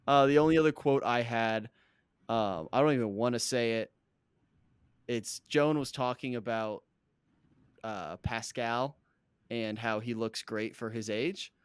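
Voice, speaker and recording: A man's voice: mid-range voice, measured pace, pauses often, clean tone, no echo. A man co-hosting a podcast, recapping a reality dating show in casual, joking chat and laughing often. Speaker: podcast co-host.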